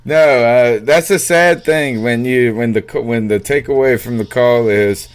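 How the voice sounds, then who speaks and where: A man's voice: medium pitch, unhurried. A man hosting a sports podcast, chatting casually, laughing, and taking calls. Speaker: podcast host.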